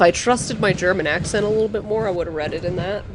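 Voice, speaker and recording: A woman hosting a let's play, talking casually about the game in a relaxed, chatty way. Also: medium pitch, fast, hardly any pauses, background noise. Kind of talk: casual gameplay commentary.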